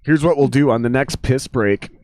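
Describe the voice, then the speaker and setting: A man in his thirties hosting a podcast, telling stories in a profane, animated way. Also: medium pitch, normal speed, dry recording. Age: 30s. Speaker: podcast host. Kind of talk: casual chat.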